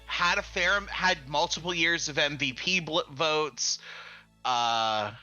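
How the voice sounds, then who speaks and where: An American man co-hosting a casual podcast, animated and self-deprecating, reeling off sports stats. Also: a little high, takes it slowly, lo-fi sound, soft background music. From United States. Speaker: podcast co-host. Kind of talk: casual chat.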